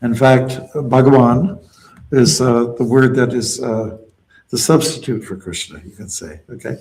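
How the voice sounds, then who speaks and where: Gravelly-voiced man teaching a chant. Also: mid-range voice, unhurried, darkish tone, rough recording. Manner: patient, explanatory, calls out chant lines. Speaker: devotional teacher leading kirtan. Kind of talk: call-and-response mantra teaching.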